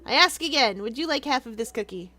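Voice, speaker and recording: A woman's voice: on the high side, expressive, fast, bright, forceful tone. A woman voicing a cocky, friendly buff young man in a video game, talking in a teasing, boastful way.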